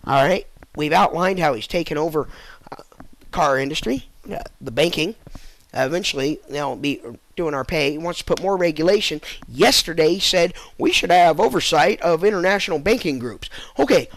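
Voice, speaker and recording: A man's voice: animated, normal speed. A man delivering an angry political rant to the camera, heated and insulting, his voice jumping up on rhetorical questions. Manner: drops low and quiet when winding down. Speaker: political vlogger.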